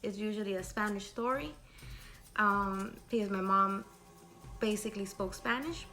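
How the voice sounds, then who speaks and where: Bright-voiced woman telling a scary story. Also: medium pitch, normal speed, soft background music. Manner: chatty, lively, asks rhetorical questions.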